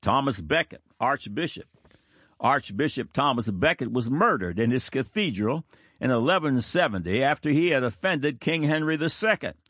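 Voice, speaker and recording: A man in his fifties, a small-church minister, reading a sermon aloud in an earnest, measured way with occasional stumbles over words. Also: medium pitch, animated, fairly bright tone, breathy edge, no echo, clean studio sound.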